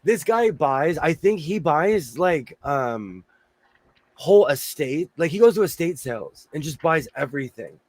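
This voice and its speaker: A man hosting a casual chat, telling stories loudly while his voice is going hoarse. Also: fairly high pitch, a little slow. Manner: loud, animated storyteller. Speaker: host. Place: home sewing room.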